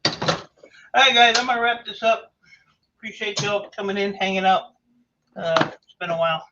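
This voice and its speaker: A man streaming himself taking apart e-waste, chatting in a rambling, offhand, self-mocking way, hoarse from talking for hours. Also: sits high, normal speed, dull audio, background noise. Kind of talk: casual livestream chat.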